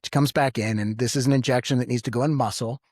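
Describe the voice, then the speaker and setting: A man, a paramedic co-hosting a podcast, telling a story with lively jumps in pitch when he quotes people. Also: fast, dry recording, studio quality. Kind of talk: storytelling in casual podcast chat.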